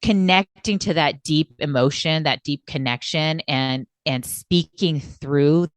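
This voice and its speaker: A woman's voice: deep voice, slow, no echo. A woman co-hosting a podcast as a coach, talking in an intense, emphatic way and laughing often. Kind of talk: casual podcast conversation.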